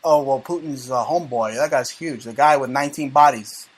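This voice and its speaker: A man's voice: mid-range voice, a little fast, husky. Brash, profane talk-show host man. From United States. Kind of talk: casual conspiracy talk show.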